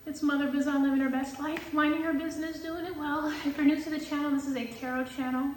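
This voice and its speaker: A woman who reads tarot, telling a story in casual vlog chat, animated and full of filler words and swearing. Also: high voice, fast talker, reverberant, recorded from a distance, slight background noise, rough recording. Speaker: tarot reader.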